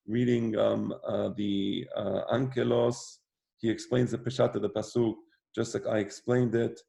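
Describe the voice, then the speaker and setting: A man's voice: mid-range voice, level tone, unhurried, gravelly, mellow. A man teaching a religious class in an informal, conversational way, often repeating phrases for emphasis. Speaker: rabbi teaching a weekly class. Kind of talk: informal lecture.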